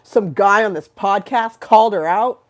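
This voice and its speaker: A woman voicing a tough older sister who is out for revenge, loud and gruff. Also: mid-range voice, normal speed, natural voice. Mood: menacing.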